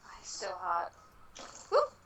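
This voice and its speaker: A woman's voice: measured pace, fairly bright tone, reverberant, far from the mic, a little hiss or hum. A woman joining a casual online chat show, giggly and gushing.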